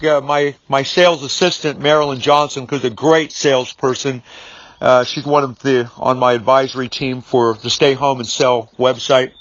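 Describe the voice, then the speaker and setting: A man's voice: on the high side, fairly bright tone, dull audio. A man who trains salespeople, talking freely in a rambling way with many fillers and restarts, and acting out both sides when he retells an argument. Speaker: business author and sales trainer. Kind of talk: unscripted monologue.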